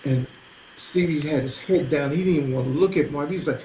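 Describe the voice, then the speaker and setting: Animated older man telling stories, roomy. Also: on the high side, a little fast. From New Jersey. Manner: animated storyteller, acts out quoted voices. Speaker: musician guest. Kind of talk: interview storytelling. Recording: roomy with faint noise.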